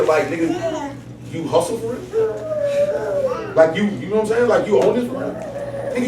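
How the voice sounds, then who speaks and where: Man, Bible study teacher, high voice, chatty and streetwise, recorded far off in an echoey room with a crowd. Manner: animated, streetwise, keeps asking "you know what I'm saying". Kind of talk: casual preaching to a small group.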